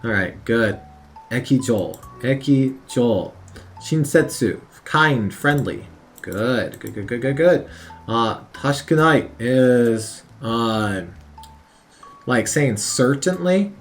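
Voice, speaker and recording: Man, casual study commentary, unhurried and animated, repeats each word as he works it out. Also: mid-range voice, soft background music. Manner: thinks aloud, repeats words over and over, many fillers. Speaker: language learner studying on video. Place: at his work computer on lunch break.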